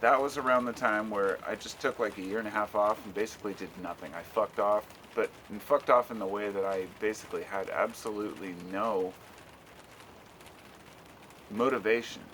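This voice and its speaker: A man's voice: on the low side, normal speed, a bit bright, slight background noise. A middle-aged American man talking at home in a loose, rambling vlog, swearing casually. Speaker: vlogger.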